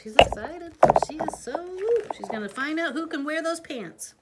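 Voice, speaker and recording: A woman reading a picture book aloud to a child, playful, with chatty asides and hushed whispers. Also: sits high, animated, moderate pace, very noisy. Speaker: parent reading a storybook to a child. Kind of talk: animated read-aloud storytelling.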